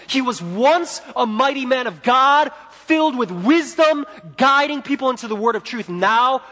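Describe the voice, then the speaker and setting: A man preaching a sermon as pastor, swinging between loud and hushed delivery. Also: very high voice, lively intonation, normal speed, few pauses. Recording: long reverb in a large hall.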